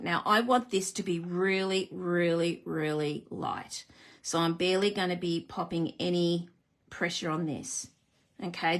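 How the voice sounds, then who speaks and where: A woman hosting a live card-making demonstration, chatty and self-deprecating, greeting viewers as she works. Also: lowish voice. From Australia.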